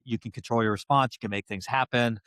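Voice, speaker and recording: A man's voice: mid-range voice, steady tone, quick pace, fairly bright tone, smooth, no echo, clean studio sound. A man hosting a podcast, asking rambling questions and summing up the talk with frequent restarts. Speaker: podcast host. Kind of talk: casual podcast interview.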